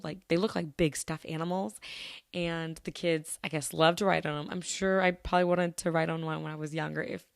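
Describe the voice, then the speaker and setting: A woman's voice: lowish voice, vocal fry, no echo, studio quality. Chatty woman rambling through stories. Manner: chatty, rambling storyteller with many restarts. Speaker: podcast host. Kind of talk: casual solo podcast chat.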